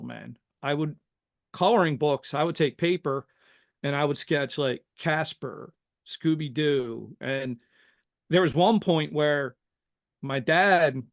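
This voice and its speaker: A middle-aged man from Philadelphia, a podcast guest telling stories from his youth in a lively, casual way and tacking "man" onto most sentences. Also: fairly high pitch, vocal fry. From Philadelphia, USA. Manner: animated, says "man" constantly. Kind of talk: casual storytelling interview.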